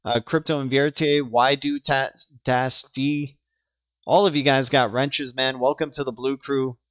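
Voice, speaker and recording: A man's voice: mid-range voice, little pitch movement, measured pace, a bit bright, no echo, clean studio sound. A young man of Cuban background hosting a crypto livestream, chatting casually with viewers and often stumbling and repeating words.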